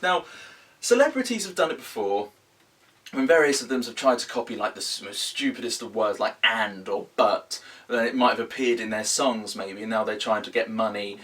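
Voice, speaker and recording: Young guy, deadpan spoof news host, mic set back a little. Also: fairly low pitch, moderate pace, far from the mic. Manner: deadpan, mock-serious. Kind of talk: mock news commentary.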